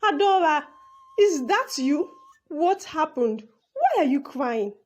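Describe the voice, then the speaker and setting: A woman's voice: high-pitched, sing-song, slow, full character voice. A woman voicing a stubborn, blind older village mother who speaks firmly. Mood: worried. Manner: firm, insistent.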